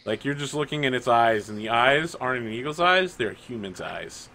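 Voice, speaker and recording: Game master, casual narrator, gravelly voice, bright tone. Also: male voice, mid-range voice, expressive, fairly quick. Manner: casual narration with many "like" fillers.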